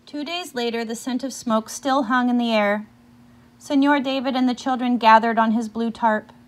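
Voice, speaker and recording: A woman reading a picture book aloud, pausing now and then to ask her listeners questions about the story. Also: fairly high pitch, fairly even intonation.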